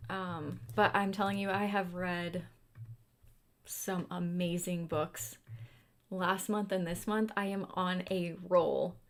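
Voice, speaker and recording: A woman's voice: fairly low pitch, steady tone, slow pace. Chatty woman musing over books. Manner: chatty, muses aloud, drops into quiet asides. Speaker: booktuber. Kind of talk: casual chat while carving pumpkins.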